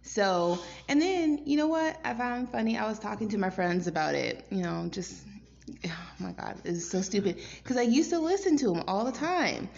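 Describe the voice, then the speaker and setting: A woman's voice: mid-range voice, expressive, moderate pace, creaky, darkish tone. A woman co-hosting a podcast, chatting in a laid-back way and laughing now and then. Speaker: podcast co-host. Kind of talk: casual podcast chat. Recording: dull lo-fi sound with faint noise.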